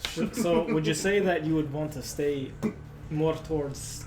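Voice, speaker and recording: A man's voice: a little high, measured pace, darkish tone, a little hiss or hum. A man playing in a tabletop game, playful and prone to swearing. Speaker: player.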